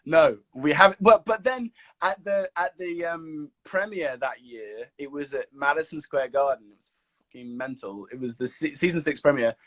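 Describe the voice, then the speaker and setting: A man from England, chatting casually on a video call and telling animated stories with swearing and laughs. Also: on the high side, moderate pace, dry recording. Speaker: actor guest. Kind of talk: casual chat.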